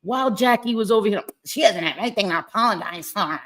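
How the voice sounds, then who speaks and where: A woman's voice: medium pitch, lively intonation, fast talker. A middle-aged woman hosting a livestream, angry and profane, repeating herself as she talks to her chat. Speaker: livestream host. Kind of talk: heated livestream rant. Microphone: webcam or phone.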